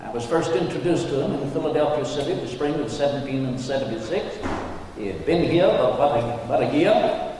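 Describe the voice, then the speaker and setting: A man's voice: mid-range voice, animated, brisk, warm tone, a little hiss or hum, natural voice. A man playing Thomas Jefferson on stage, speaking in ornate, flowery old-fashioned oratory. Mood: genteel. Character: Thomas Jefferson, learned and genteel statesman. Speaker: historical re-enactor. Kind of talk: in-character stage Q&A. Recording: distant mic in echoey auditorium.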